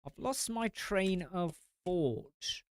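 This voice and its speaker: A man's voice: high-pitched, animated, slow pace, smooth, dry recording. A man hosting a casual live-stream chat, blunt and rambling, swearing freely. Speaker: host.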